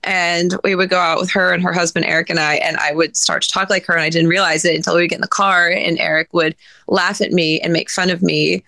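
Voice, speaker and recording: A woman co-hosting a podcast in casual chat, quick with asides and often making fun of herself. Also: on the low side, level tone, gravelly, sharp tone, dry recording. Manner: chatty, self-deprecating, quick asides. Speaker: podcast co-host.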